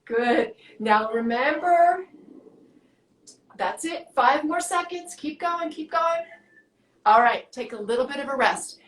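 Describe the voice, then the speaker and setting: A woman fitness coach talks someone through an arm workout with brisk, encouraging step-by-step cues. She is out of breath. Her voice is high and rings in an echoey room. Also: lively intonation. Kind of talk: guiding a workout.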